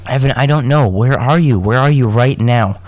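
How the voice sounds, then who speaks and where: A man voicing a worried woman office worker, pitched a little higher than his narration. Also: flat delivery, very fast, darkish tone, natural voice.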